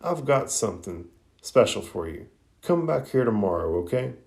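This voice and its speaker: A man's voice: mid-range voice, big pitch swings, normal speed, gravelly, darkish tone. A man voicing a brash, confident young girl ninja who teases and bosses her friend. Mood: bossy teasing. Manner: bossy, teasing, chest-out boldness.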